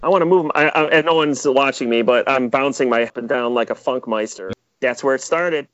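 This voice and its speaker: At normal speed and in a mid-range voice, a male music producer from the Metro Detroit area chats through a casual interview. He's an animated storyteller who fills his talk with "like." The sound is muffled and carries no room tone.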